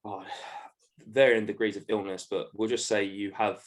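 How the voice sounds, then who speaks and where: A man co-hosting a casual podcast, musing and thinking out loud. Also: lowish voice, level tone, normal speed. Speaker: podcast co-host. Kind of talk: casual chat.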